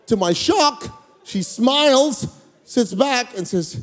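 A pastor in his thirties telling a personal story in a sermon, animated and comic, with sudden loud, excited peaks. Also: extremely high pitch, takes it slowly. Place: large church hall. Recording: long hall reverb.

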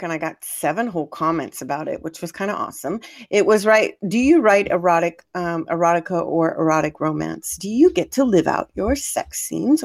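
A woman hosting a podcast, chatting casually and teasing her guest with giggly questions. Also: fairly low pitch. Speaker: podcast host. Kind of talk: casual chat.

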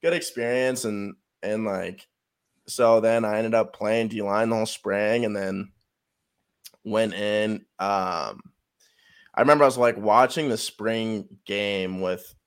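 Young male athlete guest, lowish voice, loose and rambling, filler-heavy, swears freely. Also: steady tone, slow pace, smooth. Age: young adult. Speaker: college football player guest. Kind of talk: casual storytelling.

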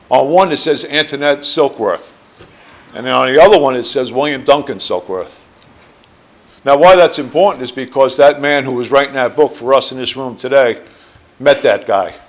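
A man in his sixties with a New Jersey accent tells his story to a room of listeners. He rambles earnestly and drops fillers as he goes. His pitch sits in a plain, middle range. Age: 60s. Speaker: recovery meeting speaker. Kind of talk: personal testimony talk. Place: meeting room.

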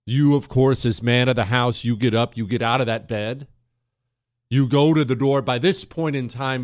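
A man hosting a talk radio show, telling a story in a dramatic monologue that swings between hushed and emphatic. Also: mid-range voice, dry recording, clean studio sound. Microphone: studio microphone.

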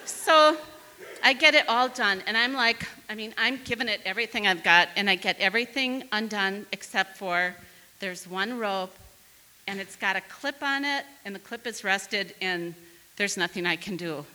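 Speaking at a moderate pace in a medium-pitched voice, a northern Wisconsin woman livens up a funny personal story for an audience by performing the voices of its characters. The recording has a big-room sound.

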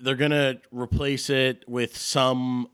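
Dude hosting a chatty podcast, jokey and rambly, voice right in the middle. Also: male voice, mid-range voice, flat delivery, slow, fairly bright tone, clear, resonant tone. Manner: joking, rambling, restarts mid-sentence. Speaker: podcast host. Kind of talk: casual chat.

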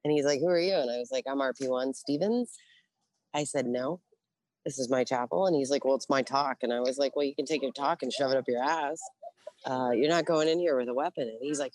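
A woman's voice: extremely low pitch, brisk. A middle-aged woman, a Navy veteran guest, telling blunt, profane stories in a casual interview and acting out what others said. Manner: profane, blunt, animated with quoted voices. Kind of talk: casual storytelling.

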